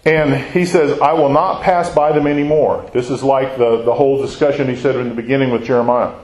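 A man's voice: mid-range voice, steady tone, brisk, a little mellow, roomy sound, poor audio. A man teaching a Bible study class, reading scripture aloud and then explaining it in a conversational way, often asking his listeners questions. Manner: conversational, quizzes the class with questions and tags "right?".

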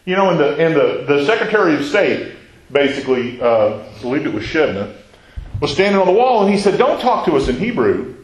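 Male Bible teacher, slightly high-pitched, conversational with audience questions, echoing hall. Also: sing-song, fairly quick. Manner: asks the audience questions, chatty asides.

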